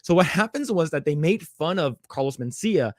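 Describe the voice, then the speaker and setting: Man, podcast co-host, casual chat, slightly high voice, dry close sound, rambling animated delivery. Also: normal speed, no echo. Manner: animated retelling with many fillers and put-on voices.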